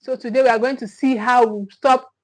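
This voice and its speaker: A woman's voice: fairly high pitch, steady tone, fairly quick, low-quality recording. Emphatic Nigerian woman coaching parents live. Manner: repetitive, emphatic, thanks viewers often. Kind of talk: live-stream teaching talk.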